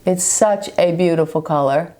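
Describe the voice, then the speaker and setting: A woman's voice: on the low side, moderate pace, dark tone. An older woman from New York with a New York accent, giving a chatty, affectionate makeup tutorial and often checking in with her viewers. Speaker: beauty vlogger.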